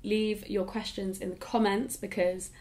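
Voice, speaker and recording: In an unhurried, flat delivery, a YouTuber in her twenties answers audience questions, her medium-pitched voice a bit mellow. She muses casually and leans on "like" often.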